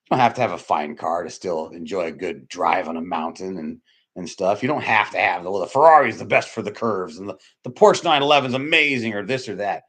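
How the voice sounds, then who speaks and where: A man delivering a loose, conversational sermon to his congregation. He rambles, restarts his sentences and repeats himself, swinging from emphatic loud bursts to low, quiet murmurs. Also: lively intonation, brisk, slightly rough. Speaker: preacher. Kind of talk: informal sermon.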